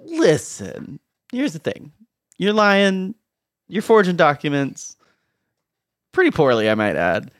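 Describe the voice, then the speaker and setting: A game master voicing a gruff, mocking male orc who brushes off threats bluntly in a tabletop game. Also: medium pitch, wildly swooping pitch, takes it slowly, pauses often, dry recording, clean studio sound, pitched above the performer's own voice. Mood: scornful. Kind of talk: tabletop game role-play.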